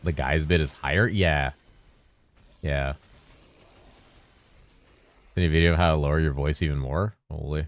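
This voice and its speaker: A man streaming games, chatting loosely with his viewers in a deep, bassy voice. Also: steady tone, moderate pace, long pauses. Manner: rambling and loose, with bursts of laughter. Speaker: game streamer. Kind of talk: casual livestream chat answering viewers. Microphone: streaming mic through a mixer.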